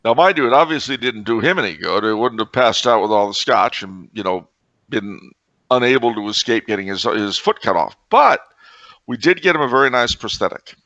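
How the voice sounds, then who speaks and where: A man co-hosting a podcast, telling absurd stories with deadpan, mock-logical seriousness in casual comedic chat. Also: mid-range voice, a little fast, no room sound, lo-fi sound. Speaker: podcast co-host.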